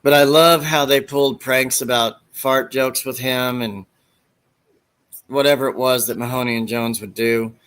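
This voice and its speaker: Bright-voiced man rambling through a story. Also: mid-range voice, steady tone, normal speed, clean tone. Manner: rambling storyteller who acts out quoted lines. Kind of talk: casual chat, retelling movie scenes.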